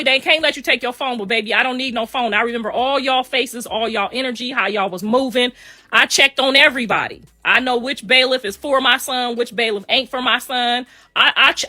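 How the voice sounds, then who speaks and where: Emphatic middle-aged woman with a bright voice. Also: fairly high pitch, no room sound. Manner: emphatic, repeats phrases. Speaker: mother speaking on a livestream. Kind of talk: casual rant.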